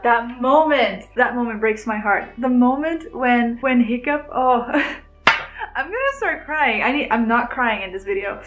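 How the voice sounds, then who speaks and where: A woman's voice: fairly high pitch, poor audio. A woman vlogger chatting to camera about a film she loves, gushing and giggly, rambling with restarts. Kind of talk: casual chat to camera.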